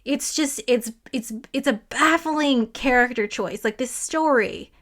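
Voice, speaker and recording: A woman's voice: high voice, unhurried, a bit bright. A woman, a physicist, giving a casual, exasperated and sarcastic spoken review of a novel, with a lot of "like" fillers. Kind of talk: casual commentary to camera.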